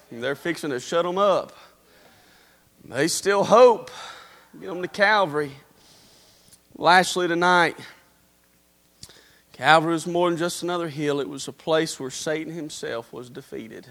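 A man preaching a revival sermon, swinging between fervent shouts and quiet murmurs. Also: on the high side, measured pace, pauses often. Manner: fervent, rising to shouts then dropping to a murmur.

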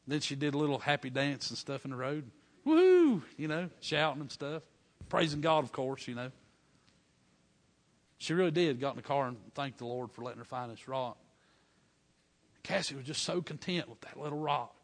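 A middle-aged man, preaching a folksy storytelling sermon with fervent bursts of praise. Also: medium pitch. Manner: fervent, building to loud praise shouts; folksy dialect, drawn-out emphasis.

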